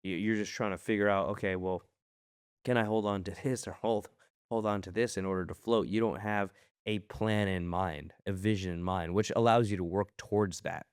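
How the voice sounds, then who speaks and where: Low smooth man giving business advice. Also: steady tone, normal speed, no room sound, studio quality. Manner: reflective, coaching tone with rhetorical questions. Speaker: podcast co-host, clinic business owner. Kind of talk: casual business podcast talk.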